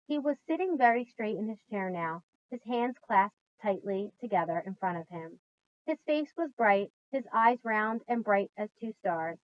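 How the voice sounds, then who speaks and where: A woman teacher reading a children's book aloud in a steady storytelling voice, on a dull lo-fi recording. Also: mid-range voice, normal speed. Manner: steady storytelling, quieter on narration.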